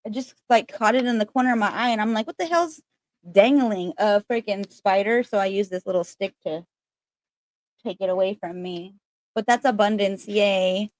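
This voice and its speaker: A woman's voice: medium pitch, steady tone, normal speed, dry recording. A woman hosting a casual spiritual livestream, chatting in a rambling way full of fillers, recorded on a laptop.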